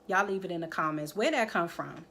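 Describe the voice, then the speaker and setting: A woman's voice: lowish voice, fairly quick, slight background noise. A woman recapping a TV drama episode in casual chat, acting out the characters' lines and talking straight to her viewers. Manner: animated storytelling, acts out the characters' lines; addresses viewers directly, keeps checking in with "okay?". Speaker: TV episode reviewer.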